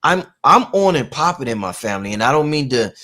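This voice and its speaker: A man with a Harlem accent on a panel, talking in an animated, emphatic way with street slang. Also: medium pitch, quick pace. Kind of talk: panel discussion.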